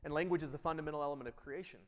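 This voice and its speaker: A man giving an energetic keynote speech, emphatic, jumping between loud bursts and quiet intensity. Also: a little high, racing. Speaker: keynote speaker. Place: event hall. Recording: long hall reverb.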